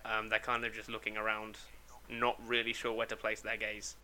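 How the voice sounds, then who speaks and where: A man's voice: on the low side, completely flat delivery, moderate pace, bright, forceful tone, slight background noise. A man narrating as game master on a tabletop role-play podcast, laughing often and swearing casually.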